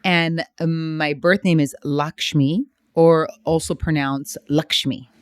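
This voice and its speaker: Woman, flamenco dancer guest, smooth voice, dry sound, easy laughs. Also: low voice, steady tone, no echo. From San Diego, United States. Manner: explains in measured phrases, laughs easily. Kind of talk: podcast interview.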